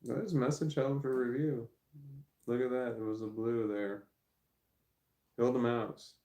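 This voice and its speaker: In a roomy-sounding recording, a man with a mellow mid-range voice talks a little slowly in a steady tone. He's rambling casually on a livestream from home, stammering, chatting to his dog, and reading messages out loud.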